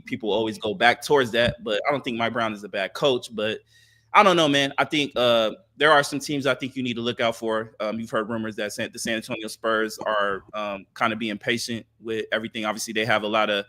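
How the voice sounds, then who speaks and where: Bright-voiced man talking sports. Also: fairly low pitch, fairly even intonation. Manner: thoughtful, many filler pauses. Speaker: podcast co-host. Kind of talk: casual sports talk.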